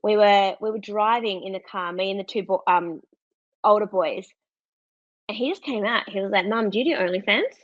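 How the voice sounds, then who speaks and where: On a lo-fi recording with no echo, an Australian-accented woman in her thirties talks at normal speed with a medium-pitched voice. Guesting on a podcast, she tells a story casually and candidly, laughing a lot and voicing other people's quotes with lively impressions.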